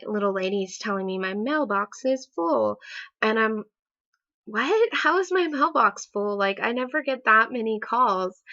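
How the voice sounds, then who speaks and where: A young woman tells a story from her own life in a chatty, animated way, full of little fillers. Her voice is bright and tense, and it sounds dry and a bit muffled, like a close home recording. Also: mid-range voice, no room sound. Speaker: vlogger. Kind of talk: casual storytime.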